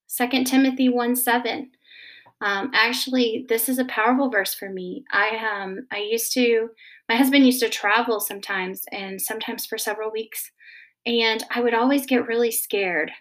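A woman counselor explaining anxiety gently, often checking in with "okay?", then reading scripture. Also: on the high side, fairly even intonation, moderate pace. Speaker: Christian counselor teaching about anxiety. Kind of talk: faith-based teaching talk.

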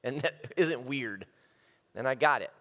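A man's voice: mid-range voice, expressive, a little slow, fairly bright tone, in a large hall. A man giving a humorous, self-mocking sermon, telling stories and acting out the quotes. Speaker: speaker.

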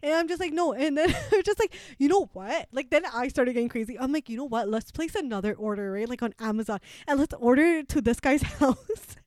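A woman's voice: sits high, lively intonation, fairly quick, hardly any pauses, darkish tone, no room sound, studio quality. A young woman, chatting casually and telling a story, acting out quotes and laughing often. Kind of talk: casual chat.

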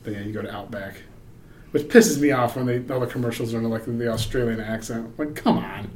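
A man in casual podcast chat, telling stories in a loose, rambling way. His delivery is wry and he drifts into low mumbles mid-thought. A faint hiss sits under the recording. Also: brisk, a little mellow. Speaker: podcast co-host.

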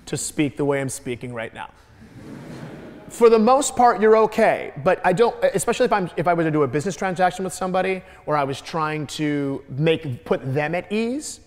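Rambling, stammering comedian in a reverberant hall. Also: male voice, fairly high pitch. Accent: American Midwest. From Detroit, Michigan. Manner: rambling, many restarts and stammered repeats. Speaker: guest comedian answering audience questions. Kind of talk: Q&A answers.

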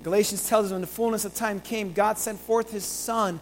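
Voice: mid-range voice, steady tone, normal speed, a little hiss or hum, low-quality recording. Earnest pastor preaching a sermon. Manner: earnest, repeating phrases and building to emphatic peaks.

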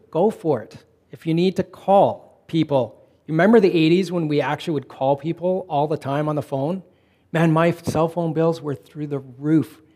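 A middle-aged man preaching a conversational sermon, telling personal stories in a relaxed way and slowing down to stress points. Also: a little high. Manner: relaxed storytelling, slowing for emphasis. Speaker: pastor.

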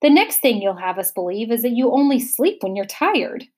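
A woman voicing a brisk, matter-of-fact male magician in a storybook reading. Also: on the high side, sing-song, a little mellow.

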